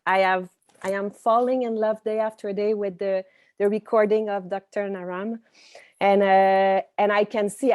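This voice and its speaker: A woman's voice: medium pitch, a little mellow. A woman with a French accent sharing on a video call, hesitant and repeating words as she searches for them. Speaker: participant.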